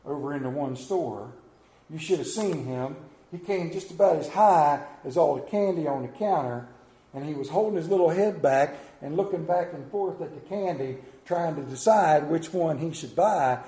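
A man's voice: a little high, normal speed, dark tone, echoey room, low-quality recording. A man preaching a sermon as pastor, telling stories with rising and falling emphasis.

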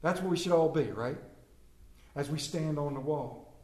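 A man preaching a sermon as pastor, impassioned, moving between hushed and emphatic delivery. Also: on the high side, moderate pace. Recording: roomy echo.

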